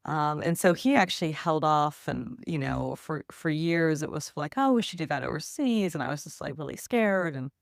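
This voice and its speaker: A woman in her fifties telling a personal story in casual talk, animated, acting out what others said. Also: sits low, moderate pace, gravelly, hardly any pauses, dry recording, studio quality. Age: 50s. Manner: animated, quotes others in lively asides.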